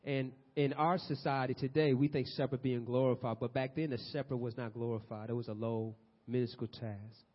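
A man preaching a sermon, swinging from loud urgent exhortation to soft, near-whispered passages. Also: mid-range voice, fairly even intonation, fairly quick, hardly any pauses. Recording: dull lo-fi audio.

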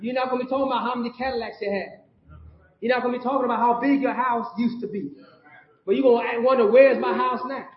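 A man's voice: very high-pitched, fairly even intonation, fast. A man preaching a sermon, speaking in emphatic, repeated phrases and turning to the congregation with call-and-response asides. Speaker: pastor. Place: church sanctuary. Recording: echoey church sound, dull audio.

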